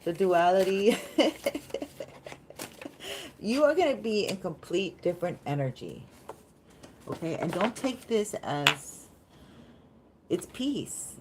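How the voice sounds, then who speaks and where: A woman's voice: medium pitch, background noise. A woman giving a chatty, meandering live tarot reading, easily delighted and talking straight to her viewers. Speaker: tarot reader.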